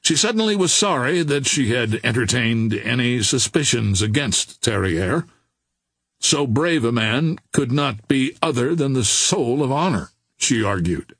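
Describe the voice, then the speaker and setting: A man reading an adventure novel aloud in a measured, unhurried storytelling manner. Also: mid-range voice, sing-song, fairly bright tone, slightly rough, dry recording. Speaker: audiobook narrator.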